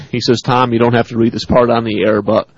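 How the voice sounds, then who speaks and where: A man's voice: mid-range voice, little pitch movement, a little fast, breathy edge, no room sound. Laughing man on sports radio. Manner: laughs often, reads emails aloud. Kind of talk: casual sports talk, reading listener emails. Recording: dull dry radio studio sound.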